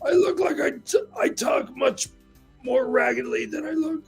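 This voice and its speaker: A man doing a raspy, grandiose male politician. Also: very high voice, normal speed, faint music behind, voice pushed up. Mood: mock-presidential. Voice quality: ragged, raspy.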